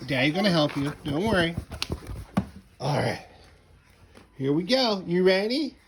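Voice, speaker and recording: A father cheers on his baby in a home video, his baby talk animated and sing-song. His pitch swoops widely, and a faint hiss sits behind the voice outdoors. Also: normal speed, long pauses. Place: outdoor patio.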